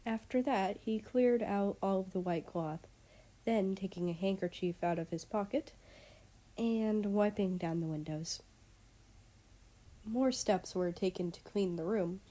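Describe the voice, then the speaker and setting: A woman's voice: medium pitch, unhurried, mellow. A woman reading fan fiction aloud as narrator. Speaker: story reader.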